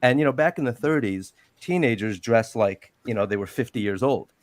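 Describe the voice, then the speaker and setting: Man, middle-aged, rambling storyteller, acts out quotes, mid pitch, dry close sound. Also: brisk, no echo. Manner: rambling, animated retelling with acted quotes. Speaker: guest on a live panel. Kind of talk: casual storytelling on a group call.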